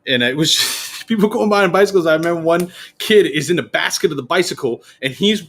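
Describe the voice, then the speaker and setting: A man's voice: fairly high pitch, brisk. A man telling a story in a casual podcast chat, swearing freely and acting out what people said. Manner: animated, profane, acts out quotes.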